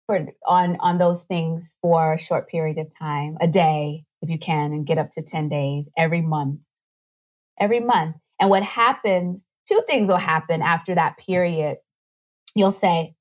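A woman guest on a podcast, explaining nutrition in a casual, animated way and acting out little voices as she goes. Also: on the low side. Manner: animated, acts out voices in quick asides.

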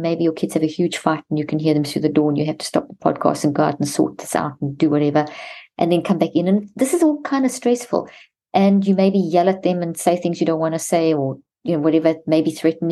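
A woman's voice: on the low side, warm tone. A woman guest on a podcast, earnestly walking through practical steps and examples one at a time. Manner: earnest, instructive, walks through examples step by step. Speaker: podcast guest, mental health expert. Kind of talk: explaining steps in a podcast interview.

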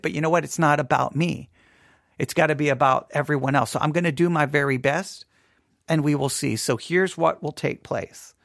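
A man, a pastor, talking through a personal update in an earnest, halting way, often repeating words as he searches for them. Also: fairly high pitch, creaky, fairly bright tone, no room sound, studio quality. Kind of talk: personal podcast monologue.

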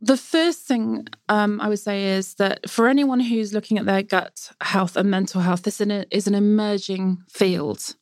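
Speaking at normal speed with few pauses, a sourdough expert guest talks in a medium-pitched voice with fairly even intonation. She's enthusiastic and emphatic in this casual interview, laughing easily, and the studio-quality recording has no echo.

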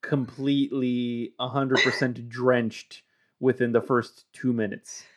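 A man's voice: medium pitch, little pitch movement, slow pace. A man in casual conversation, blunt and chatty, casually swearing and often restarting sentences. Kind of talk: casual chat.

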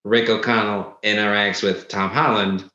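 A man's voice: on the low side, level tone, normal speed, pushed and bright, muffled recording. A man co-hosting a podcast in casual, joking chat. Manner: playful, jokey. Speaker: podcast co-host. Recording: echoey room.

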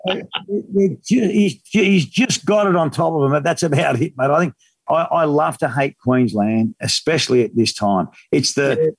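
A man's voice: fairly high pitch, moderate pace, breathy edge, no echo. A man in his fifties with an Australian accent, chatting casually as a guest and telling stories with slang and laughter. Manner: animated storyteller, slangy and laughing. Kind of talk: casual radio chat.

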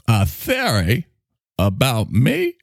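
A man voicing a cocky, needy male talking microphone that swoops in pitch and bursts into shouts. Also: huge pitch swings, slow, gravelly, no room sound, studio quality, heavily acted. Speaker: podcast co-host character. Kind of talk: improvised comedy bit.

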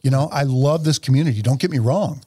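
A man's voice: medium pitch, fast, slightly rough. A middle-aged man in casual podcast chat, swearing freely and laughing often. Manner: profane, animated, laughs often. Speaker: podcast co-host.

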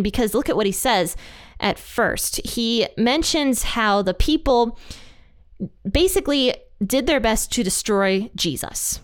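A woman with a smooth, clear voice reads scripture at a medium pitch and then talks it through plainly. Her delivery is earnest and conversational, like a Bible teacher speaking straight to her listeners. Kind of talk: scripture reading and commentary.

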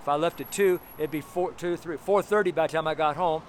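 Man, street preacher, fervent, emphatic, fairly high voice, faint traffic behind. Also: brisk. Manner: fervent, emphatic, loud at times. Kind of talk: outdoor street sermon. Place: outdoors by a busy street with trucks passing.

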